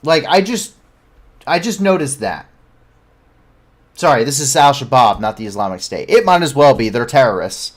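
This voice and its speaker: A man's voice: mid-range voice, very animated, moderate pace, long pauses. A man hosting a live news show, giving commentary with frequent self-corrections and blunt, incredulous asides.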